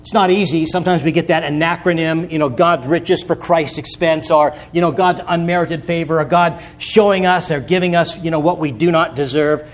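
A man with a high voice preaches a sermon in an earnest, storytelling way. He builds to emphatic peaks on key words and drops in folksy asides between them. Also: fairly even intonation, moderate pace, few pauses.

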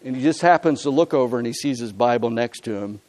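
A male pastor preaching a sermon in church, earnest, swinging from loud emphasis to quiet asides. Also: mid-range voice, fast.

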